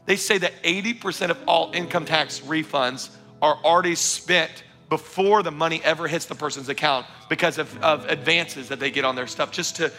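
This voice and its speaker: A man's voice: a little high, bright, forceful tone. A man preaching a sermon at a church service, fervent and emphatic, urging his congregation again and again. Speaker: pastor.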